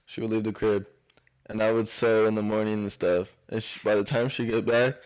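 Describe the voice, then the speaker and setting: Young male guest, relaxed rambling storyteller, casual. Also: on the low side, fairly quick, clear, resonant tone, poor audio. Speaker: podcast guest, clothing designer. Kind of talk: casual chat.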